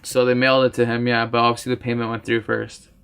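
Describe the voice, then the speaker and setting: A man's voice: medium pitch, monotone, fast, gravelly, fairly bright tone, clear, resonant tone. Chill young guy on a podcast, slangy, dry jokes. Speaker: podcast co-host. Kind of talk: casual chat.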